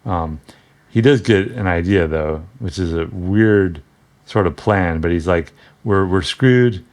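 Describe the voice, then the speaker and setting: Deep-voiced man rambling about comics. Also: measured pace, darkish tone. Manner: rambling, wry, many restarts and asides. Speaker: comic book reviewer. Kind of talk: casual comic commentary.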